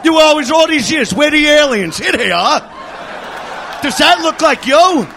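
A man with a very high, sharp and bright voice rants crudely through a stand-up bit, sounding mock-disgusted. A faint crowd and light noise sit behind him. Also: expressive, a little slow, creaky. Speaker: stand-up comedian. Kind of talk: stand-up rant.

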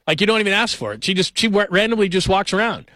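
A man's voice: high voice, expressive, fast, sharp tone, no room sound. Chatty radio host man, dry studio. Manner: chatty, joking storyteller. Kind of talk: casual radio talk. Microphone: studio microphone.

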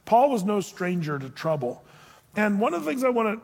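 A pastor preaches a lively sermon in a high, slightly husky voice, talking a little fast and sometimes acting out quoted voices in an animated way. His words echo with long reverb through a large church hall.

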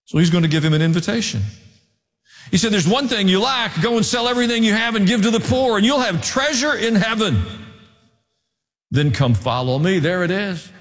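A man preaching in a large church sanctuary, his slightly high voice trailing off into a long reverb. He tells the story with animated swings of pitch and dramatic pauses. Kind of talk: sermon.

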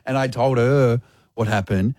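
A man's voice: mid-range voice, steady tone, a little slow, a little mellow, dry recording, clean studio sound. An Australian man in his late thirties, a radio host telling a funny story on air and laughing at himself. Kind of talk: casual on-air banter. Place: radio studio.

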